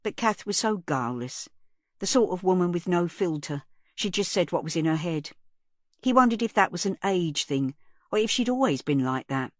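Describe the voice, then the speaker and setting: A woman narrates an audiobook in a measured, even storytelling manner, her voice on the low side. The scripted reading is recorded dry, at studio quality.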